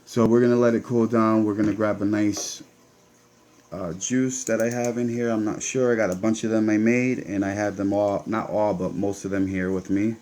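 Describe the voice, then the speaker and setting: A man's voice: on the low side, little pitch movement, moderate pace, a little mellow. Chatty man with a Connecticut accent. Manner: chatty, talks to viewers while working. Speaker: vape channel host. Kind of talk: casual hands-on demo.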